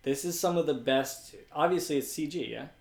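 A man's voice: on the high side, a little fast, vocal fry, darkish tone, reverberant. A man in casual chat about a film, asking questions and swearing casually. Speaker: co-host recapping a film.

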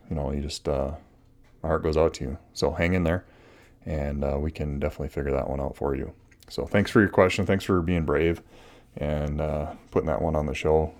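A man's voice: a bass voice, fairly even intonation, brisk, a little mellow. A middle-aged man hosting a solo advice podcast, talking earnestly and casually with many restarts and fillers. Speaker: podcast host.

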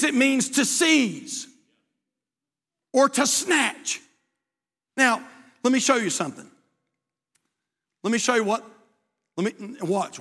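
An older pastor preaching in a high, bright, forceful voice that rings out with a long church hall reverb. He delivers the sermon in a folksy, emphatic way, circling back to repeat his points. The sound is that of a large sanctuary. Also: slightly rough.

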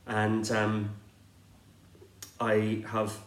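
A man's voice: fairly low pitch, monotone, drawn-out words, reverberant. A middle-aged man with a Northern Irish accent, preaching a sermon recorded remotely, talking in a chatty way with frequent ums. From Northern Ireland. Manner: warm, chatty introduction, with frequent um fillers. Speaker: pastor. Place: recorded remotely for an online service.

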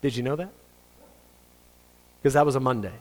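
Joking pastor in an echoing hall. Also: male voice, medium pitch, normal speed, a little hiss or hum. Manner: conversational, joking, acts out quoted voices. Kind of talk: sermon. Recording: long reverb of a hall.

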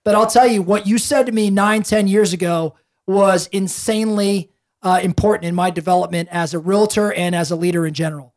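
A man, a realtor, talking as a podcast guest, rambling and animated, with many restarts. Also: high voice, fairly quick. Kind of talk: casual podcast storytelling.

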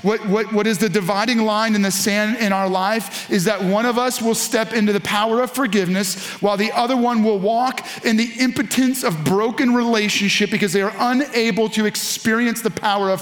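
A man's voice: sits high, fairly bright tone. A male pastor giving a sermon in a conversational, storytelling way.

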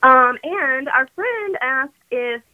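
A woman calling in to a podcast, chatting in an animated, rambling way with lots of fillers. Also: sits high, slow. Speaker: regular phone-in guest. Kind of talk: casual chat. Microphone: phone call. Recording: muffled phone line.

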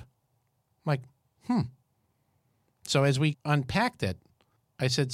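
A man in his fifties, co-hosting a podcast, who tells stories in an animated, joking way. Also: mid-range voice, unhurried, pauses often, no room sound, clean studio sound. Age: 50s. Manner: storytelling, animated and jokey. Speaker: podcast co-host. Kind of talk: casual chat.

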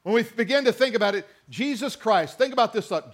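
A man's voice: high-pitched, animated, fairly quick, hardly any pauses. A man preaching a sermon, reading scripture and mixing in conversational asides and questions to the congregation. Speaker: pastor.

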